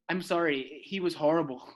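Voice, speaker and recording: A young man co-hosting a podcast, chatting casually and often repeating words as he starts a thought. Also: fairly high pitch. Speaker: podcast co-host. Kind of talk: casual chat.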